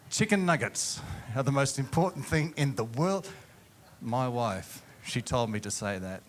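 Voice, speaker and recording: A middle-aged pastor telling a humorous story from a church stage into a mic. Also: male voice, medium pitch, lively intonation, measured pace, a little hiss or hum. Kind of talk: sermon storytelling.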